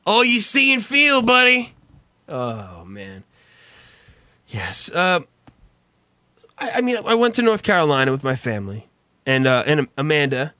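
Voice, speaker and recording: A man's voice: a little high, huge pitch swings, a little slow, pauses often, pushed and bright. A young man hosting a podcast in casual chat, swearing and laughing often. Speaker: podcast host.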